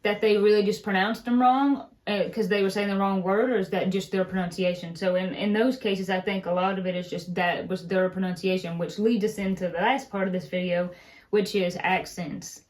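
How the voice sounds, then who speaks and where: A young woman with an Appalachian mountain accent, telling family stories in a relaxed, chatty way as a co-host. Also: medium pitch, moderate pace. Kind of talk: casual chat.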